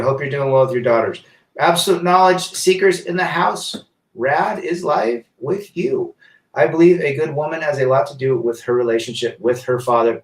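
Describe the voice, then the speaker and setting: A man's voice: on the high side, far from the mic. A man hosting a casual live stream, reading viewer comments aloud and answering them emphatically, often with rhetorical questions. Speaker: livestream host reading chat. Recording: roomy echo, set back from the mic.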